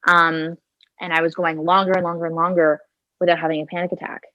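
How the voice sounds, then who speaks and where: A woman's voice: on the low side, level tone, quick pace, no echo. Chatty young woman on a muffled phone. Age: 20s. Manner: chatty, leans on "like" and "kinda", acts out her own thoughts. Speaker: podcast guest. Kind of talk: casual personal storytelling. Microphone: handheld phone.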